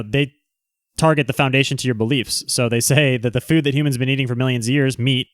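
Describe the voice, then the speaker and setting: A man hosting a live stream, chatting casually and rambling through quick asides to his viewers. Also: mid-range voice, fairly bright tone, clear, resonant tone, no echo, studio quality. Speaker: livestream host. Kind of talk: casual livestream chat.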